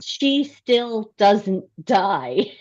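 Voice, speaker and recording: A woman's voice: medium pitch, big pitch swings, drawn-out words, a little mellow, dull audio. A middle-aged woman chatting in a book club discussion, talking easily and laughing often.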